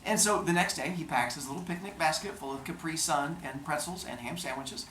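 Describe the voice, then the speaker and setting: A man teaching a class, quizzing his students and telling a story in an animated, joking way. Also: a little high, brisk, reverberant, far from the mic, low-quality recording.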